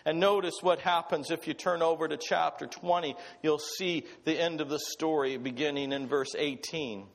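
A man preaching a sermon, reading scripture and breaking off for animated asides and self-corrections, in a church hall. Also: on the high side, moderate pace. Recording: long hall reverb.

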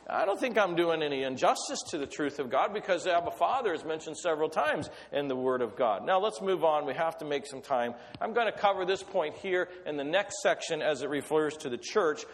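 Storytelling preacher man in a reverberant hall. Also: on the high side. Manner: storytelling with acted voices, conversational. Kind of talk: sermon.

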